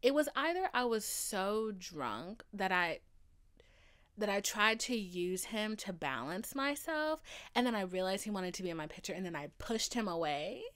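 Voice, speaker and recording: Lively young woman telling stories. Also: mid-range voice, normal speed. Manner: animated, profane, says "okay?" often. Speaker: podcast host. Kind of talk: casual storytelling monologue.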